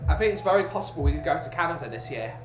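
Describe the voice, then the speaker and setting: A man's voice: on the high side, lively intonation, rapid-fire. A man from the UK chatting casually as a podcast host, rambling and restarting his sentences. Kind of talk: casual chat. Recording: roomy with music behind.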